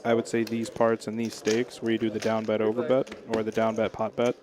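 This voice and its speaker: A man's voice: on the low side, completely flat delivery, a little fast, crowd noise. A man co-commentating a live poker game in a casual, analytical, conversational way.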